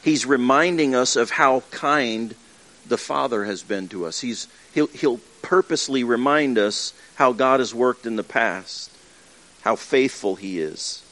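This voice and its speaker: A man preaching in an earnest, conversational way, with a voice at a middle pitch for a man. He restarts his phrases often and slips into little acted asides. The sermon moves freely, more like talking to friends than reading a script. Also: a little slow, a bit bright. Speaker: pastor. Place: church with livestream.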